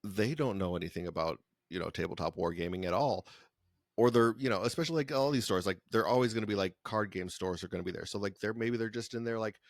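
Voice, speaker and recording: Here a podcast co-host talks quickly in a fairly low voice, rambling and restarting often in relaxed conversation. The sound is clean studio audio with no room sound.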